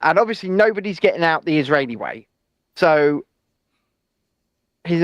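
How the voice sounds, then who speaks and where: A man's voice: a little high, lively intonation, moderate pace, no room sound, dull audio. A man co-hosting a casual news chat show, talking in an opinionated, chatty way with hedging asides. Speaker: co-host.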